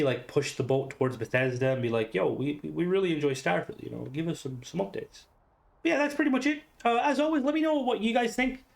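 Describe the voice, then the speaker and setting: Rambling casual young man gamer. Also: medium pitch. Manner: rambling, many fillers and restarts, swears casually. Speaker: gaming YouTuber. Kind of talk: casual unscripted commentary.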